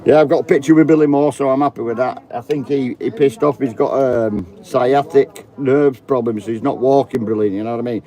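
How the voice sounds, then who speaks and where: A man's voice: medium pitch, fairly even intonation, a little fast, few pauses, mellow. A man, chatting casually outdoors in the rain, joking and swearing freely. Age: 30s. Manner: chatty, swears a lot, jokey banter. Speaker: vlogger. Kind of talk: casual chat to camera. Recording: outdoor crowd noise. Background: crowd chatter.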